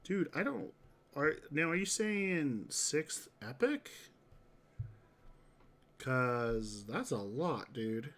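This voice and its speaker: Laid-back guy streaming a game, talks slow, keeps saying dude and answering chat. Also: on the high side, expressive, fairly bright tone. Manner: chatty, says "dude" often, reacts to chat. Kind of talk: casual livestream commentary.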